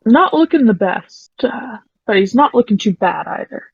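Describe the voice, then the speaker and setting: Husky woman running a tabletop game. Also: fairly high pitch, very animated, dry recording. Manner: casual, pauses to check rolls. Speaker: game master. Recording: muffled lo-fi voice chat.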